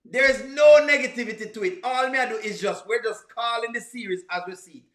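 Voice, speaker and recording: Brief: a high-voiced man, teasing reaction host, in an echoey room. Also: fairly quick, fairly bright tone. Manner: preachy, teasing, punchy exclamations. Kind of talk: comedic reaction commentary.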